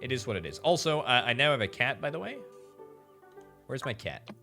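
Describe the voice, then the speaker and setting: A man giving chatty commentary while playing a management game, thinking out loud and repeating words for emphasis, with faint game music behind him. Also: mid-range voice, very animated, fairly quick. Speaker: game streamer. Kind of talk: gameplay commentary.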